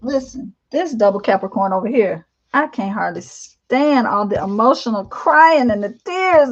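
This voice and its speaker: A woman in her fifties chatting casually on a live stream, candid and rambling, with lots of fillers, laughs and animated quoted asides. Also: high-pitched, normal speed, highs cut off. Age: 50s. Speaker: vlogger. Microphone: live-stream camera mic.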